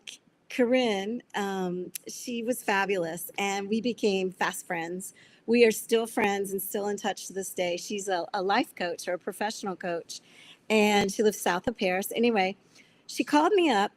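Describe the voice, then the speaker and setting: A woman guest on a video call, telling her faith story in an earnest, animated way and acting out the voices of people she quotes. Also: mid-range voice. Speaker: guest sharing testimony. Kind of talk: testimony interview.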